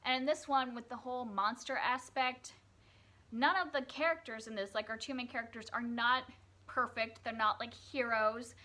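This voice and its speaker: Bright chatty young woman talking books, bit high voice, lots of likes and restarts. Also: steady tone, moderate pace. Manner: chatty, many fillers and self-corrections. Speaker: book reviewer. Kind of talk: casual book review vlog.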